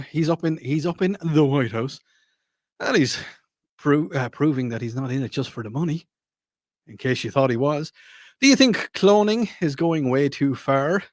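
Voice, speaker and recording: A man's voice: mid-range voice, dry recording. A man hosting a radio talk show in a casual, rambling way, repeating himself and apologizing as he chats into a studio mic.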